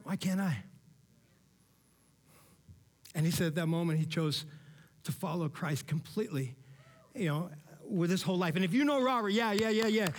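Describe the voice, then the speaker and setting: High-voiced man preaching casually. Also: fairly quick. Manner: casual, conversational preaching with frequent "man" and "all right?"; swings between loud emphatic bursts and quiet low asides. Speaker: pastor. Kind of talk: sermon.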